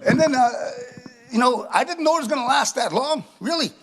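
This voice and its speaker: A man's voice: very high-pitched, expressive, brisk, fairly bright tone. A middle-aged man performing a chatty, self-mocking stand-up comedy set, tagging his lines with "eh". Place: live stage before an audience.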